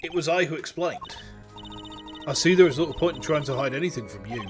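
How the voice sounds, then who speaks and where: A man reading a calm, formal woman singer. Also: a little high, fairly quick, over music, voice pushed down, natural voice.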